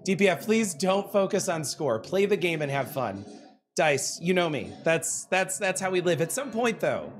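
A man's voice: high voice, very animated, moderate pace, faint music behind. Chatty self-mocking man hosting a stream. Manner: reads viewer comments aloud, chatty, self-deprecating; laughs easily. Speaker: livestream host. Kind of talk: casual stream chat.

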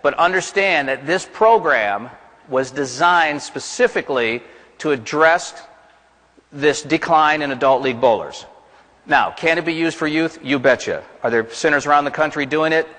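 A man's voice: on the high side, moderate pace, fairly bright tone. A man from the American South gives a plain-spoken, folksy seminar presentation to a conference audience, asking the room questions as he goes. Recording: reverberant conference hall.

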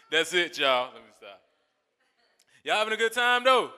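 A man emceeing a comedy night, his voice very bright and swinging widely in pitch as he shouts to the crowd and laughs. The room gives his voice a long reverb, with faint crowd noise behind it. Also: sing-song, takes it slowly, clear, resonant tone. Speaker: comedy show host. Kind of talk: stand-up emceeing. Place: comedy club stage.

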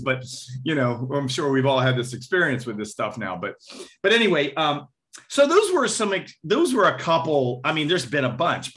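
A male drummer in a relaxed interview, swinging his voice up and down as he tells his stories. His tone is bright and forward, a little higher than most men, and he scats drum patterns and acts out the people in them. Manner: animated, vocalizes rhythms and acts out quotes. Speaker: guest drummer and percussionist. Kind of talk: casual interview storytelling.

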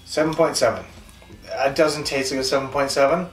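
A man's voice: mid-range voice, a little fast. Rambling Canadian man in an echoey room. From Western Canada. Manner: rambling, chatty, self-deprecating. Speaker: beer reviewer, show host. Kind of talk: casual video review. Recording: echoey room, distant mic, faint music.

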